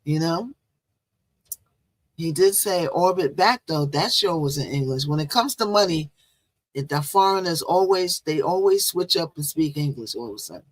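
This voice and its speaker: A woman chatting through a live gossip stream, teasing and repeating herself as she goes. Her voice sits in a middle range but shoots up loud and high when she gets worked up. The sound is dry and close. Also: expressive, moderate pace, dry recording, low-quality recording. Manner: teasing, loud sudden jumps in pitch; chatty, repetitive. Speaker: live-stream show host.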